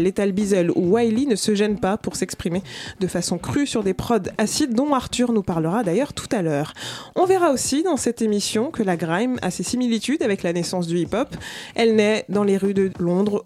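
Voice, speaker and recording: Brisk woman radio host. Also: mid-range voice, dark tone. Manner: brisk, explanatory, with filler hesitations. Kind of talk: presenting a music history radio show. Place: radio studio.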